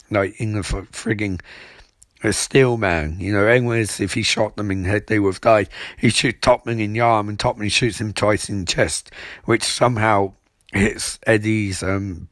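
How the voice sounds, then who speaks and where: A man's voice: on the low side, no echo, studio quality. A young man giving a rambling, mocking recap of a TV episode. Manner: rambling, mocking, with filler restarts.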